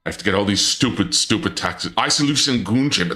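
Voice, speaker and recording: Man, livestream dark lord persona, bright forceful voice, fairly low pitch, flustered, stammering, sudden squeaky outbursts. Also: lively intonation, a little fast. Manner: stammers and restarts often. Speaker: streamer.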